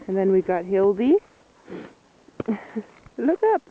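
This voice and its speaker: A woman filming her puppies outdoors in the snow, chatting casually and cooing at them in a high sing-song voice. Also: animated, slow pace, a little hiss or hum. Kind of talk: casual video narration. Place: outdoors in snow and slippery weather. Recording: tinny lo-fi phone-like sound.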